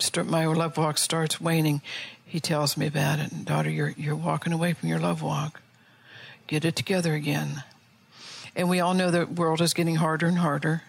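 A woman's voice: low-pitched, vocal fry. A middle-aged woman pastor preaching earnestly, asking her listeners rhetorical questions. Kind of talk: sermon.

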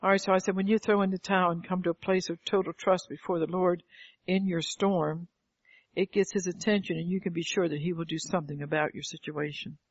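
A woman's voice: lowish voice, steady tone, fairly quick, slightly rough, dry recording. An older woman preaching a fervent sermon, calling out "Amen" and firing rhetorical questions at the congregation. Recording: dull lo-fi, dry sound.

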